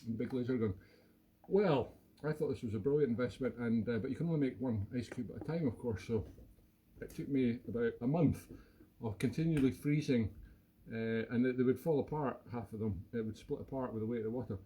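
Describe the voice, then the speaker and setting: A man's voice: medium pitch, a little fast, mellow, slightly rough. A man in his fifties hosting a casual live stream from home, chatting playfully and rambling with many restarts. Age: 50s. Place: home room.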